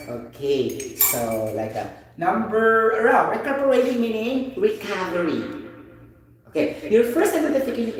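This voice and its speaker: A Filipino man with a Filipino accent teaching an English vocabulary lesson, animated and often asking "you get the point?". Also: a little high. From Philippines. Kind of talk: informal online vocabulary lesson. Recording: very echoey room, voice distant from the mic.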